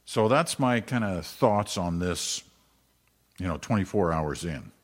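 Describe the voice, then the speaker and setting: A man's voice: deep voice, animated, a little slow, breathy edge, big-room sound. An older man hosting a podcast, talking casually and wandering into asides with some self-deprecating humor. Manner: conversational, digressive, self-deprecating. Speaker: podcast host. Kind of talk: casual solo podcast commentary.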